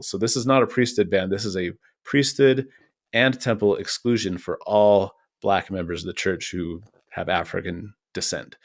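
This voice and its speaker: A man co-hosting a news podcast, explaining earnestly and at length with many restarts. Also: low-pitched. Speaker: podcast co-host. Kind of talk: casual news discussion.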